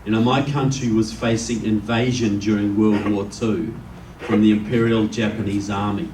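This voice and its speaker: A man's voice: fairly low pitch, fairly even intonation, moderate pace, a little mellow. A man from New Zealand with a New Zealand accent, giving a folksy, joking speech as guest speaker to a live audience in a meeting room. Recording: roomy, distant, faint background noise.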